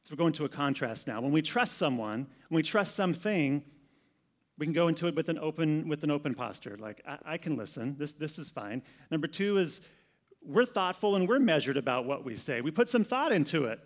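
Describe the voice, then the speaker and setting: A man's voice: fairly high pitch, sing-song, a little fast. A man preaching a sermon in a conversational manner, often repeating words as he goes. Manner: conversational, repeats words, shifts between loud and soft. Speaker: pastor.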